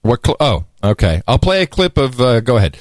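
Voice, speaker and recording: Animated mocking male podcast host. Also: mid-range voice, brisk, no room sound, clean studio sound. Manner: animated, mocking, slips into sarcastic impressions. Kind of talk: casual chat.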